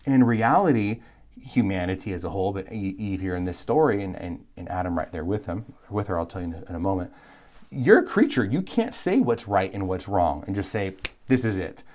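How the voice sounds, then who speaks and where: Lively male Bible lecturer, low voice. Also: a little fast. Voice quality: animated, emphatic, conversational with asides and restarts. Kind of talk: live recorded lecture.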